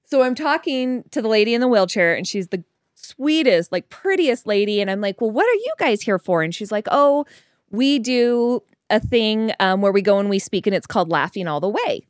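A woman chatting casually and telling a story, acting out quoted dialogue in a higher voice. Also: animated, normal speed, dry recording, studio quality.

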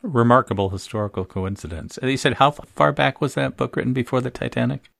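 A man's voice: mid-range voice, quick pace, vocal fry, a bit bright, dry recording, clean studio sound. A man hosting an interview, asking friendly questions with some hesitation. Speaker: interview host.

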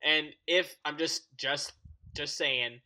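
A man's voice: fairly high pitch, bright, forceful tone. A man co-hosting a podcast, chatting enthusiastically and agreeably with a friend. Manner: enthusiastic, agreeable, quick to laugh. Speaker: podcast co-host. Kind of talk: casual fan discussion.

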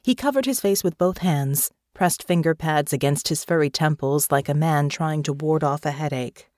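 A woman with a low pitch for a woman narrates a scripted audiobook, keeping a measured, even storytelling delivery. The sound is close and dry, without room sound or echo.

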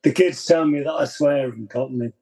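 This man has a mid-pitched voice that sounds dark and mellow, with a husky edge. He guests on a podcast in easy conversation, laying out his views in a reflective, measured way. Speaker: podcast guest and blog writer. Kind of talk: casual conversation.

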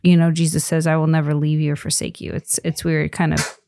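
A woman's voice: low-pitched, little pitch movement, brisk, gravelly, dark tone, slight background noise. A woman co-hosting a Christian parenting podcast, talking casually about faith with frequent fillers and restarts. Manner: chatty, many fillers and restarts.

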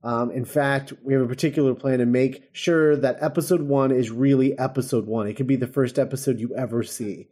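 Mellow-voiced man in casual chat. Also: mid-range voice, steady tone, a little fast, few pauses. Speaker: podcast co-host.

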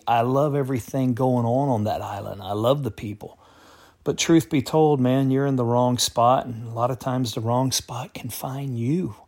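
A man talking straight to his viewers in a folksy, slangy way, giving his opinions. His voice sits at an ordinary middle pitch. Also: a little mellow. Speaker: political commentary vlogger. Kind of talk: casual monologue to viewers.

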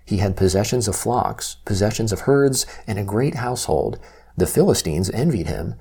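A man reads scripture aloud with a measured, steady delivery. His voice sits a little low and has a mellow, warm tone. There is a soft husky grain to it. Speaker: scripture reader. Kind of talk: scripture reading.

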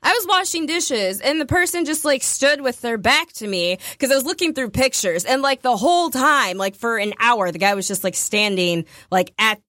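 Animated young woman telling a story. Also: a little high, moderate pace, hardly any pauses, no echo, studio quality. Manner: animated storytelling, acts out quoted voices, many fillers. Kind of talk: casual chat.

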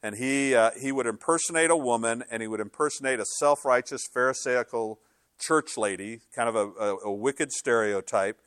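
An older man preaching a sermon as a pastor, telling stories with lively voice changes as he acts out inner dialogue. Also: medium pitch, moderate pace, dry recording, studio quality.

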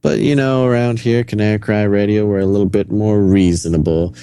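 A man's voice: on the low side, steady tone, a little fast, dark tone, clear, resonant tone. A man co-hosting a casual podcast, making sarcastic, wry jokes with bits of laughter. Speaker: podcast co-host. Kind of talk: casual conspiracy-theory chat.

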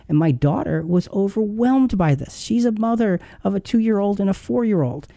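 A man's voice: high-pitched, lively intonation, normal speed, creaky, few pauses, dark tone, no echo, studio quality. A man in his fifties hosting a Bible teaching show, telling a painful story in a heartfelt, earnest way. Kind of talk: earnest devotional talk.

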